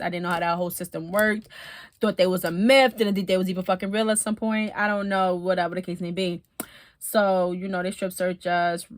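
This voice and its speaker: A woman telling her own story in a casual, animated way, swearing often and laughing now and then. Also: fairly low pitch, no echo, clean studio sound.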